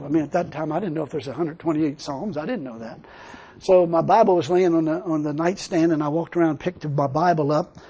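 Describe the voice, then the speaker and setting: A man's voice: sits high, dark tone, breathy edge. An older man preaching a sermon, telling a personal story and then building into emphatic preaching. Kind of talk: sermon testimony.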